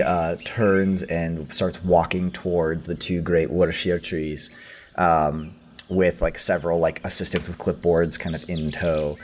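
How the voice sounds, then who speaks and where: A man's voice: deep voice, level tone, unhurried. A man narrating as game master, hesitant and full of fillers.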